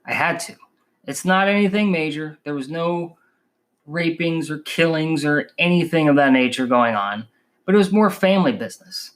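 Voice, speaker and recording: A man from the northern United States hosting a podcast, telling the story in an animated, emphatic way. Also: on the high side, normal speed. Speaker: podcast host. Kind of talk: podcast narration.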